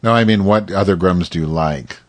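Male podcast co-host; lowish pitch, rambling profane chatter, dry close sound. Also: a little fast, no echo. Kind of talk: casual chat.

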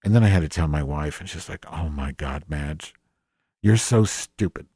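A man's voice: rumbling low, moderate pace, mellow, husky, no room sound, clean studio sound, exaggerated voice. A man playing a cranky, foul-mouthed office worker named Madge in an improvised comedic monologue, rambling and mocking himself with many restarts. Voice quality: rambling, swearing, self-deprecating, many restarts. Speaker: podcast host in character.

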